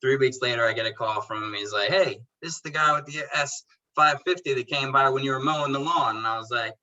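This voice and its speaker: Man, podcast guest, very bright tense tone, mid pitch, casual slangy storyteller. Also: fast talker, muffled recording. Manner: animated storyteller who acts out both sides of conversations; laid-back slang, calls people bro and dude. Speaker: podcast guest, detailing business owner. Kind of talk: casual interview chat.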